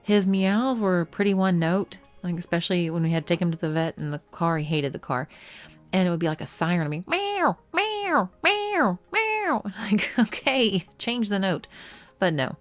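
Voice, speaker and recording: A woman telling stories about her cat in a casual vlog, animated and often laughing, with quoted lines in a much higher voice. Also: a little fast, faint music behind. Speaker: pyrography artist and video host.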